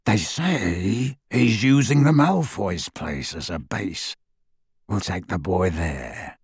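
A man growling as a gravelly werewolf thug. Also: sits low, lively intonation, slow, no room sound, clean studio sound, pitched below the performer's own voice, full character voice. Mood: gruff. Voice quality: gravelly, husky. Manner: growling, snarling, breathy menace. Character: menacing brutish male werewolf thug. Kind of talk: audiobook character voice.

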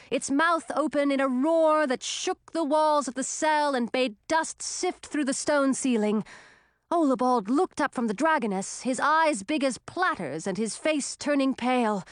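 A woman narrating a fantasy story in an expressive, dramatic reading style. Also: high voice, no room sound, clean studio sound. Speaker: audiobook narrator.

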